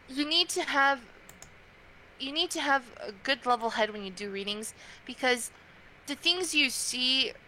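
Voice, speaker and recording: A woman's voice: fairly high pitch, a little hiss or hum, rough recording. A young woman being interviewed as a tarot reader, talking casually with lots of fillers. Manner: chatty, frequent fillers, animated quoting.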